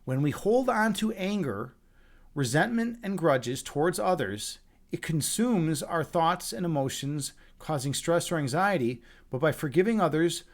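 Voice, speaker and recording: Guy hosting a meditation stream, rambly storytelling, lots of restarts, kinda high voice. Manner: rambling, frequent restarts and fillers. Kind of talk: casual storytelling.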